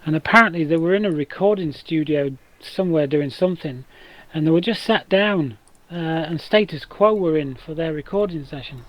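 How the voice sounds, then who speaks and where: A man with a rough, damaged voice, chatting casually as a streamer while gaming, rambling through stories with many restarts. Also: on the high side, normal speed, hardly any pauses, low-quality recording.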